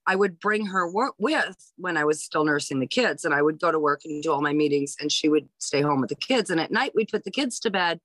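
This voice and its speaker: Comedian in her fifties from Hawaii, lower voice, dry close sound, animated storyteller. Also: fairly quick, hardly any pauses, no echo, poor audio. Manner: animated storyteller, lots of restarts. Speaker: guest, stand-up comedian. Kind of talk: casual storytelling interview.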